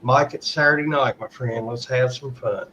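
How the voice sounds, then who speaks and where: A man's voice: medium pitch, moderate pace, pushed and bright, a little hiss or hum, poor audio. A friendly man chatting on a livestream from a carport. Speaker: guest. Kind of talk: casual livestream chat.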